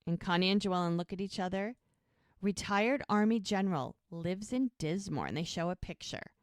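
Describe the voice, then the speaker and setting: A woman's voice: medium pitch, normal speed, dry recording, clean studio sound. A woman co-hosting a podcast, casually retelling scenes from a TV episode and briefly voicing the characters' lines. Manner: animated retelling, brief quoted character voices. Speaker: podcast co-host recapping a TV episode.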